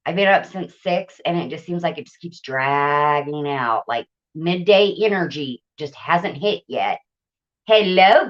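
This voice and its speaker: A woman's voice: sits low, dull audio. A woman hosting a casual live stream from home, chatting and greeting viewers by name with frequent laughter. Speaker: livestream host. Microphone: tablet.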